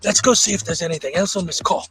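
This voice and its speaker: A man voicing an excitable wildlife-documentary host in a put-on Cockney accent, in a parody nature documentary. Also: high voice, fast talker, faint music behind, pitched above the performer's own voice. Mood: hushed, conspiratorial. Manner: excited, breathless wonder.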